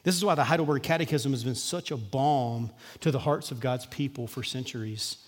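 Conversational pastor in reverberant hall. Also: male voice, mid-range voice, brisk, husky. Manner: conversational, humorous, acts out quoted voices. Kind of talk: sermon. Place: church hall. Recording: long church-hall reverb.

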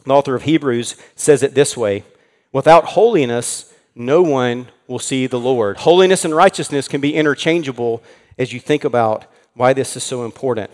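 A man preaching an earnest sermon in a church, slowing down to stress key words. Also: medium pitch, darkish tone, in a large hall. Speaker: pastor.

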